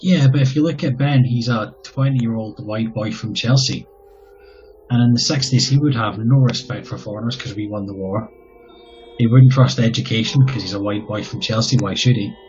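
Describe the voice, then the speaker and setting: A man's voice: fairly low pitch, moderate pace, a little mellow, a little hiss or hum. A man co-hosting a podcast in casual chat, blunt and matter-of-fact, swearing now and then. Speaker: podcast co-host. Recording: slightly dull lo-fi sound.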